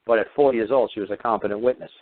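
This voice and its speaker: A man's voice: fairly low pitch, fairly even intonation, rapid-fire. An older man hosting a talk show, ranting with heavy profanity and emphatic repetition. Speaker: radio talk host. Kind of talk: angry ranting monologue. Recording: dry tinny phone-line audio.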